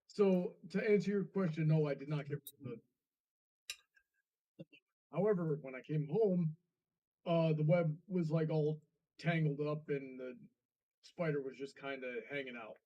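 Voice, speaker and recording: Male co-host, halting casual storytelling, slightly high, recorded distant and muffled. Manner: rambling, halting, many fillers.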